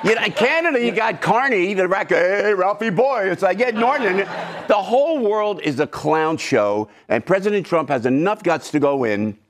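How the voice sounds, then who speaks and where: Animated joking man. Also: sits high, a little hiss or hum. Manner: animated joke-telling with quick impressions. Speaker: comedian guest. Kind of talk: comic banter.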